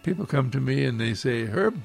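A man's voice: on the high side, expressive, unhurried, creaky, a little mellow, soft background music. A man giving an inspirational spiritual talk, full of effusive repetition and rhetorical questions. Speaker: spiritual practitioner giving uplifting talks.

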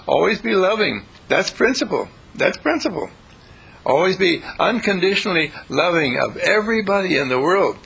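A man's voice: sits high, sing-song, moderate pace, vocal fry, bright, forceful tone, husky, low-quality recording. A man giving an inspirational spiritual talk in a folksy, repetitive way, chuckling as he preaches. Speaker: spiritual speaker.

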